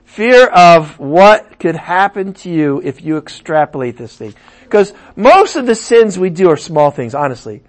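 A man preaching a sermon, animated, swinging from loud emphasis to muttered asides. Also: high voice, unhurried.

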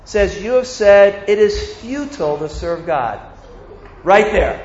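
High-voiced preacher in a roomy hall. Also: male voice, unhurried, highs cut off, slight background noise. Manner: animated, acts out voices of God and the congregation. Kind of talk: sermon.

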